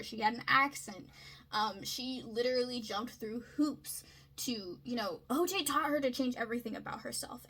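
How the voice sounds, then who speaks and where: Woman video essayist, higher voice with a bright, husky edge, chatty analysis style. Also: low-quality recording. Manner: chatty, frequent checks like "right?" and "okay?". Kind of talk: casual literary analysis.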